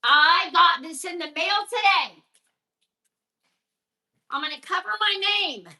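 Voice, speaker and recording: High, bright-voiced woman ranting live. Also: slow. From Texas. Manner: ranting, chatty, answers viewer comments by name. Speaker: livestream host. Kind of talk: casual live-stream chat. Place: home, at a counter. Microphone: phone held vertically.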